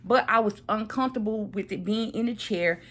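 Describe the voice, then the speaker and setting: A woman's voice: medium pitch, fairly quick, fairly bright tone. A woman in her thirties talking casually to camera, recovering from surgery and repeating phrases for emphasis. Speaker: vlogger.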